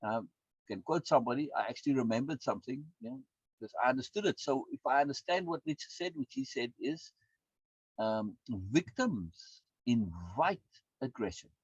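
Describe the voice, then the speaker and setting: A man leading a course in a conversational teaching style, rambling and repeating words, with his pitch swinging up and down. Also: very animated, fast talker, gravelly, husky, no echo. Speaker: course instructor. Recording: dull lo-fi dry recording.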